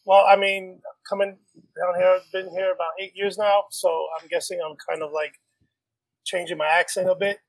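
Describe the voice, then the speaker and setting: A man's voice: high voice, flat delivery, moderate pace, no room sound, low-quality recording. A man in his forties from the Bronx with a slight New York accent, chatting easily as a podcast guest. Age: 40s. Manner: laid-back, laughs often. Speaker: podcast guest, reptile breeder. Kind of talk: casual chat.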